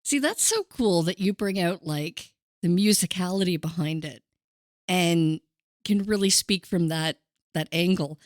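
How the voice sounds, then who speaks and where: A woman's voice: on the low side, unhurried, no echo, studio quality. A woman co-hosting a podcast, chatting playfully about music. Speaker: podcast co-host. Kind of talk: casual music chat.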